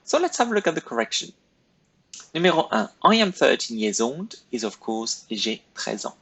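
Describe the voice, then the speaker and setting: A man's voice: medium pitch, very animated, moderate pace, a bit bright, poor audio. A man teaching a recorded French lesson, giving patient, step-by-step instructions to pupils. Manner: patient, step-by-step, clearly paced directions to pupils.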